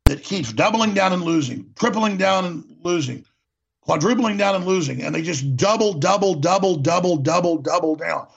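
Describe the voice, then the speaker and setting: A man's voice: a little high, vocal fry, slightly rough. A man hosting a talk show, delivering an impassioned political monologue, ranting and repeating words for emphasis, on a dull lo-fi recording.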